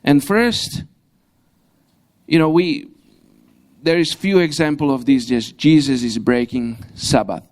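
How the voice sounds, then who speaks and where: A young man preaching a sermon in a church, pausing and restarting often, with grammar and the odd light laugh. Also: a little high, a little mellow. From Slovakia. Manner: halting, frequent restarts, non-native grammar, light laughs. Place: church hall.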